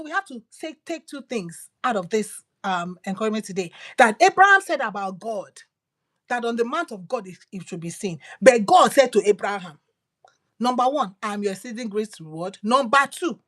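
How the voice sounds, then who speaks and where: Woman preacher, higher voice, emphatic and repetitive, loud lines dropping to whispers. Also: expressive, moderate pace. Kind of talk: devotional sermon.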